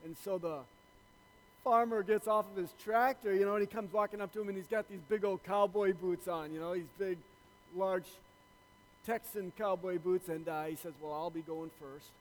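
A man's voice: high-pitched, fairly even intonation, moderate pace, in a large hall, poor audio. A man preaching a sermon to his church, telling a joke in a loose, conversational way with many fillers. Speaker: pastor.

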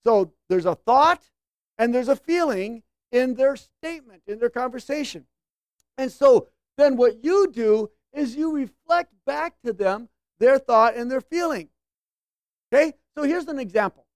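With lively intonation and an unhurried pace, a high-pitched woman preaches conversationally, frequently engaging her listeners. Quoted lines get acted out in shifting voices, and the recording has no echo.

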